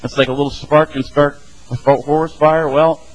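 A man's voice: a little high, level tone, moderate pace, poor audio. A middle-aged man teaching a casual Bible study, talking conversationally and acting out the voices of the people in his stories. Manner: conversational, acts out quoted voices.

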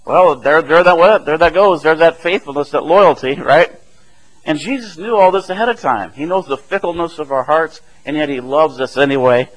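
A man's voice: fairly high pitch, normal speed, low-quality recording. A man preaching a sermon in a conversational way, often asking "right?" and chuckling as he explains the passage.

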